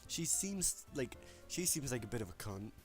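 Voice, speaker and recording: A man's voice: medium pitch, big pitch swings, normal speed, soft background music. A young man hosting a let's play, reading game text aloud with casual, profane, self-mocking commentary. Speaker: gaming channel host.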